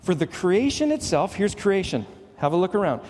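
Middle-aged Canadian-raised male pastor, earnest sermon delivery, slightly high voice, long reverb of a church hall. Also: sing-song, moderate pace. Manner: earnest preaching, rising to emphatic highs and dropping to hushed lows.

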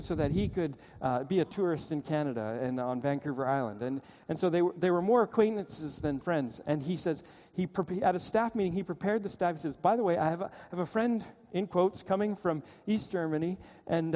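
A man preaching a sermon, telling a story and pleading with his listeners, his voice swinging between loud and hushed. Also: on the high side, animated, a little fast, few pauses. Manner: storytelling, urgent pleading, dramatic shifts in loudness. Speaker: pastor. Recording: long reverb of a church hall.

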